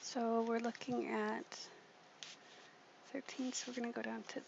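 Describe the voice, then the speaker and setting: Woman host, gravelly chatty voice, talking through a craft project at her desk; muffled lo-fi sound with background noise. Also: a little high, flat delivery, a little slow. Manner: chatty, thinking aloud while working. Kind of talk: casual craft tutorial. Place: home craft room at a desk.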